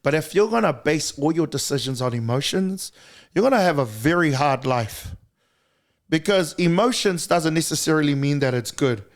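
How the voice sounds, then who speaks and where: A man with a New Zealand accent, a guest on a casual podcast, talking bluntly and animatedly and acting out quotes with big leaps in pitch. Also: lively intonation, moderate pace.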